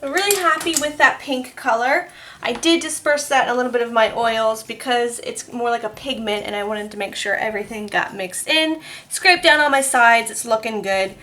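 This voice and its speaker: A woman with a slightly high voice narrates her soap making in a loose, casual vlog. She is chatty and laughs now and then as she tells stories while she works. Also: normal speed, sharp tone. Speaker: soap maker.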